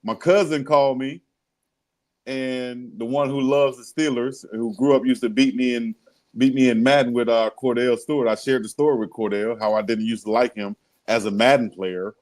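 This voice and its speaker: A man's voice: medium pitch, fairly even intonation, normal speed, darkish tone, low-quality recording. Laid-back man, storytelling co-host. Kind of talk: casual sports talk show.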